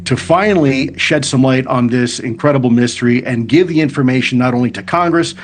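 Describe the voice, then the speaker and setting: A man speaking as a guest in a TV news interview, measured and formal. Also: medium pitch, slight background noise.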